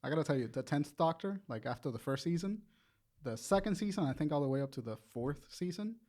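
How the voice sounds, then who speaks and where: A man from Puerto Rico with a Puerto Rican accent, co-hosting a casual podcast chat, animated and quick to laugh. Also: fairly high pitch. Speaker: podcast co-host.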